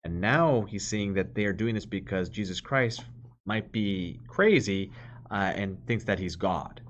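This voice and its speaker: A man's voice: fairly low pitch, unhurried. A man leading a Bible study, reading scripture aloud and explaining it in an earnest, teaching manner, stressing key words as he goes. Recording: dull lo-fi recording.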